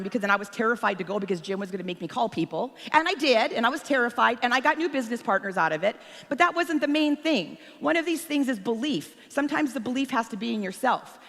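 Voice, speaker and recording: A woman giving an animated motivational talk at a convention, telling stories and acting out quotes. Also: sits high, creaky. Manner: animated storytelling, acts out quotes. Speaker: conference speaker. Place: large convention hall. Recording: long hall reverb.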